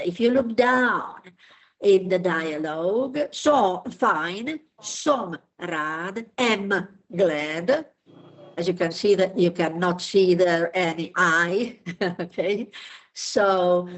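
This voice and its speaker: A woman teaching a language class, explaining slowly and patiently with many small fillers. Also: mid-range voice. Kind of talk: classroom lesson.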